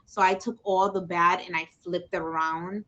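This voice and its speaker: Bright-voiced effusive woman host. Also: fairly low pitch, fairly even intonation, normal speed, dull audio. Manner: emotional, effusive, says "y'all" often. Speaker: podcast host. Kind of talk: casual livestream chat.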